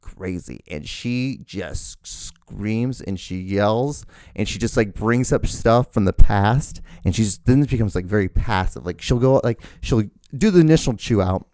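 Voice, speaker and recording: A young man hosting his own show, telling rambling, animated stories with lots of fillers and casual swearing. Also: lowish voice, unhurried, hardly any pauses, clean tone, dry recording, clean studio sound. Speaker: podcast host. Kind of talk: casual storytelling monologue.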